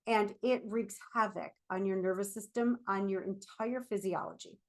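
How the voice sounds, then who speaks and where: A chatty woman therapist, somewhere in middle age, speaking casually in an animated vlog-style talk. She is on her feet as she speaks, with a medium-pitched voice, and sprinkles "like" and "right?" all through her sentences. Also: measured pace. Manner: speaking while standing and moving about.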